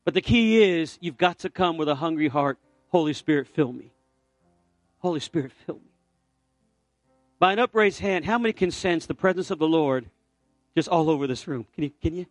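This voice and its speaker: A middle-aged male pastor delivers a sermon, telling a personal story before urging his congregation to respond. His voice sits fairly high, and he keeps moving between relaxed storytelling and passionate exhortation. The mic is close and dry, with soft music playing underneath. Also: brisk, dry recording. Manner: storytelling, building to fervent exhortation. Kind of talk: sermon with altar call. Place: church sanctuary.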